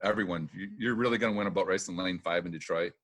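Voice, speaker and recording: A middle-aged man with a fairly low voice spins casual stories from his racing days. He mimics the people in them, laughs readily, and peppers his talk with "uh" and "um.". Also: quick pace. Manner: lively anecdotes, acts out quotes, laughs often; filler-heavy with "uh" and "um". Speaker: retired boat racer, guest. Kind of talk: casual storytelling interview.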